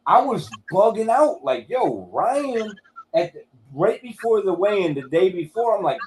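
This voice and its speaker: A man with a high voice hosts a loose boxing conversation. He talks in an animated, profane way, acting out what people said. Faint clicking runs underneath. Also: a little slow, a little hiss or hum. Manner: animated, profane, storytelling with acted quotes. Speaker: host. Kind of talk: casual boxing talk.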